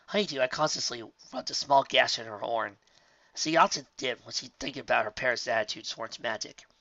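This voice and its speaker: A reader narrating a fan story aloud, lively storybook delivery. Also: medium pitch, brisk, no room sound, dull audio.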